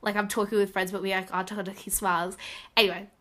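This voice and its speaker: Bright-voiced teen girl gushing. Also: medium pitch, quick pace. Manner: animated, gushing, full of "like". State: slightly raspy from a cough. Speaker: podcast co-host. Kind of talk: casual storytelling chat.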